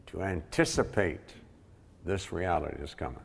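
A man's voice: low voice, sing-song, a little slow, gravelly. A man preaching a sermon emphatically, repeating key words for weight, recorded with the long reverb of a large hall. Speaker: pastor.

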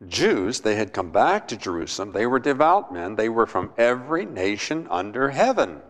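A man's voice: lowish voice, very animated, normal speed. A man preaching a sermon in an emphatic way, repeating words and asking his listeners questions. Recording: long hall reverb.

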